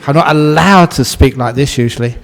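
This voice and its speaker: A Buddhist monk gives a relaxed, funny dharma talk, telling a story and laughing often. His voice sits at medium pitch with a creaky quality, and he speaks fairly quickly.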